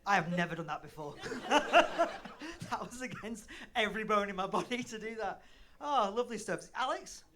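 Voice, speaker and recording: A man's voice: sits high, expressive, normal speed. A man in his thirties from northern England doing a live stand-up set, bantering with the crowd in a sweary, self-deprecating way. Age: 30s. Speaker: stand-up comedian. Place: comedy club stage.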